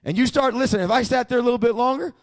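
Male pastor with a high voice, emphatic sermon delivery, call-and-response. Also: rapid-fire.

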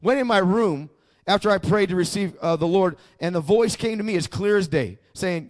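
Male pastor with a high voice, emphatic sermon delivery, call-and-response. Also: big pitch swings, fairly quick.

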